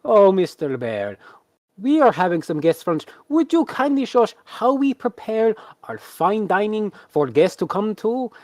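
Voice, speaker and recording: A man's voice: high-pitched, sing-song, a little slow, a little mellow, dry recording, studio quality, voice pushed up. Man doing a grandstanding circus ringleader. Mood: showman flourish. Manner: grand and theatrical, then snapping. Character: showy male circus ringleader, bossy.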